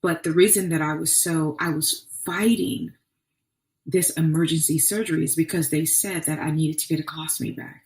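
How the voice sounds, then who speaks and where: A woman's voice: sits low, steady tone, moderate pace, darkish tone. Earnest woman sharing testimony, echoey room. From Arkansas. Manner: earnest, faith-filled storytelling with many restarts. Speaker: podcast host. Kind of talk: personal testimony podcast. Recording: echoey room, distant mic.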